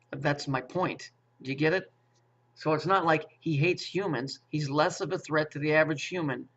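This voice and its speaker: A man's voice: on the high side, fairly bright tone. Man ranting with stammered restarts. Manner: profane, repetitive, with stammered restarts and rhetorical questions. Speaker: conspiracy commentator. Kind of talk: rambling monologue. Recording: muffled lo-fi audio.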